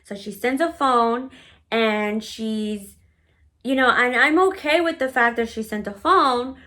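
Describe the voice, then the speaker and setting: Woman vlogger, slightly high voice, blunt storytelling that is heavy on fillers. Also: a little slow, bright, forceful tone. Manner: blunt, profane, with frequent "like" fillers. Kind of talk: storytime vlog.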